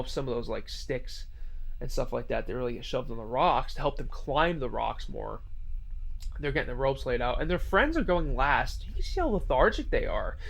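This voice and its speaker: Man casually telling a scary story. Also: medium pitch. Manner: rambling, filler-heavy retelling.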